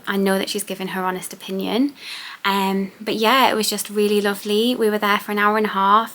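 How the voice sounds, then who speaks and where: A woman's voice: mid-range voice, a bit bright. Chatty woman vlogging to camera at home. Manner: chatty and upbeat, with frequent fillers. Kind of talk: casual talk to camera. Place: upstairs at home.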